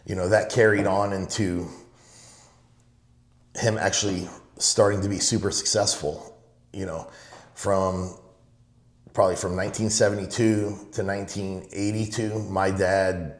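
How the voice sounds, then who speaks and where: A man's voice: sits low, level tone, measured pace, long pauses, echoey room. A middle-aged man from Los Angeles, telling stories in a casual, rambling way and often saying "you know". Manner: rambling, fills with "you know", retells his father's sayings. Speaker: guest. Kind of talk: casual storytelling.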